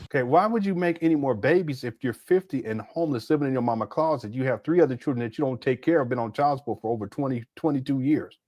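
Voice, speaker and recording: A man's voice: mid-range voice, quick pace, hardly any pauses, a little mellow, no echo, studio quality. A man in his fifties giving blunt, exclamatory reaction commentary as host, laughing at the clips. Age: 50s.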